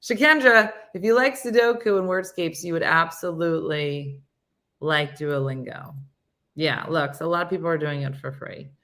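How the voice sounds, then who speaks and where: A woman's voice: low voice, normal speed, a bit bright. A woman in her sixties hosting a casual morning show, chatting and reading out viewer comments with self-mocking humor. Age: 60s. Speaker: show host.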